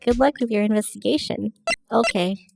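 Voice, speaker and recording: A woman's voice: mid-range voice, normal speed, gravelly, over music. A woman game streamer chatting casually with her viewers, giggly and friendly, reading out chat messages. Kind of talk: casual let's-play chat.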